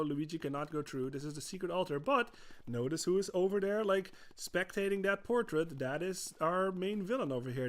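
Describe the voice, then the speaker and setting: A man streaming a video game, chatting casually as he plays, laughing often and swearing freely. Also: on the high side. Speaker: gaming streamer. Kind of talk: gameplay commentary.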